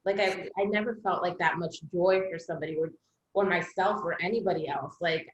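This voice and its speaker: A woman's voice: fairly low pitch, brisk. A woman co-hosting a podcast in casual chat, blunt and swearing freely. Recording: echoey dull-sounding room recording.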